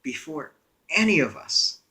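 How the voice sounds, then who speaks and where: A man's voice: fairly high pitch, very animated, a little slow, bright, forceful tone. A young man casually telling a story in a wry, conversational way, with frequent "uh" fillers. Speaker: storyteller vlogger.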